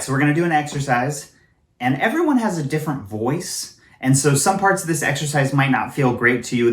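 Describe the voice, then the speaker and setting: Lively casual male voice teacher. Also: mid-range voice. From California. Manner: casual, demonstrates sounds with his voice. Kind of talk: singing lesson to camera.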